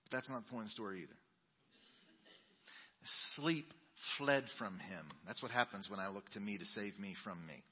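A male pastor preaching a sermon, reading scripture dramatically and swinging between booming emphasis and soft asides. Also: animated, moderate pace, long pauses, husky, long reverb tail, lo-fi sound. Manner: dramatic Bible reading with sudden loud and quiet turns. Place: church sanctuary.

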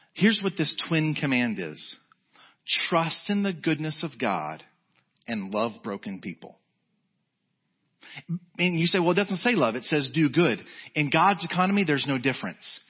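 A man preaching a sermon as pastor, emphatic, swinging from high urgent peaks to low quiet lines. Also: husky. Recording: dull lo-fi sound.

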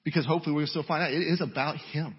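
Man, preacher, sermon, husky voice, a bit high, dull lo-fi recording. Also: steady tone, very fast. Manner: preaching with rhetorical questions and scripture reading.

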